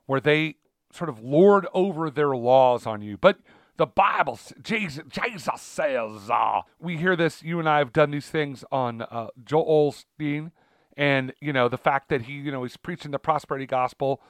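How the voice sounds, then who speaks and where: A man co-hosts a casual conversation about faith, talking in loose, rambling runs full of fillers and restarts. His voice sits a bit high, and the close mic sounds dry with no room around it. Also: normal speed, no room sound. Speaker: podcast co-host.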